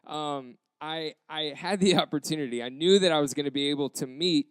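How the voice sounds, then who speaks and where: A young American man, a pastor, telling a story in a sermon with animated acted quotes. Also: on the high side, a little fast, clean tone, no room sound. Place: church campus.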